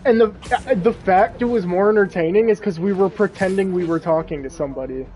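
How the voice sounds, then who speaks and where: A young man playing a video game and chatting casually, excitable and quick to swear. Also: high voice, slight background noise, low-quality recording. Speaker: gamer playing on stream. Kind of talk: casual gaming chat.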